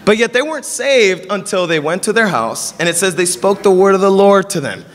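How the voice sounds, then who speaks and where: Guy preaching, high voice, acts out all the dialogue, big hall echo. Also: a little fast. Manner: animated storytelling, acting out dialogue. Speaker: pastor. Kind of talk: sermon. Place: church service in a hall. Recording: long reverb of a hall.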